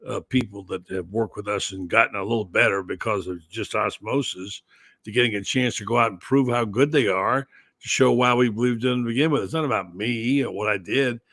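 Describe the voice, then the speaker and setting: An older man hosting a sports talk show, chatting casually and telling folksy stories in drawn-out phrases. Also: on the low side, a bit bright, no echo. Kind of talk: casual chat.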